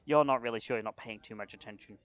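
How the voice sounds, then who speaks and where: A man's voice: mid-range voice, fast talker, fairly bright tone, no room sound, lo-fi sound. A man narrating a tabletop role-playing game as game master, in a casual way with frequent restarts.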